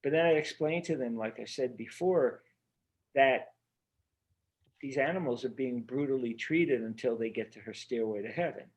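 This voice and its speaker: An earnest man speaking as the guest of a remote interview, his voice sitting at a middling pitch. He rambles, circles back and restarts his thoughts with plenty of fillers. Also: normal speed. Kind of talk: casual interview conversation.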